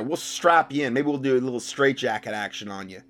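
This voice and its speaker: A man giving sarcastic commentary while reading documents, mocking the text and rising to loud outbursts. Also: medium pitch, expressive, fairly quick, few pauses. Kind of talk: sarcastic commentary with read-out passages.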